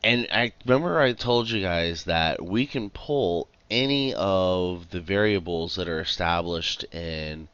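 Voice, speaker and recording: Low-voiced man teaching code, rambling. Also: a little slow, few pauses, a bit bright, clean tone, no echo, muffled recording. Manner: chatty, rambling, many fillers and restarts. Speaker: livestream programming tutor. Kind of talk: casual live coding tutorial. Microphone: headset.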